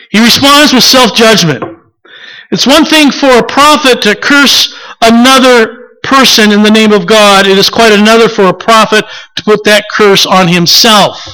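A male preacher with a high voice works through a sermon at an unhurried pace, reflective and steady. His tone is bright and forward, and he often stops to put rhetorical questions to the congregation. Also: clean tone, poor audio.

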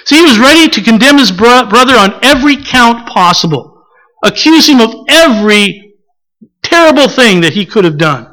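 A preacher delivering a sermon with a lively, swooping delivery and a bright, forceful tone. The preacher often acts out scripture quotes and turns to ask the listeners questions. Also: mid-range voice, moderate pace, poor audio.

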